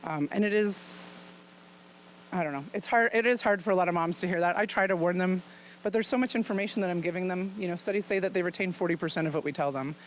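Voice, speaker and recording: A woman's voice: fairly low pitch, fast, slight background noise, rough recording. A woman physician giving an informal talk to an audience. She speaks frankly and chattily and laughs often as she explains things. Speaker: physician presenting at a luncheon.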